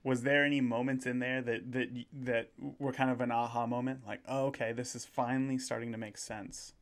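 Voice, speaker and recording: A man hosting a podcast interview, supportive and a bit halting, often repeating words. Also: mid-range voice, flat delivery. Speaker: podcast host. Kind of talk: casual interview.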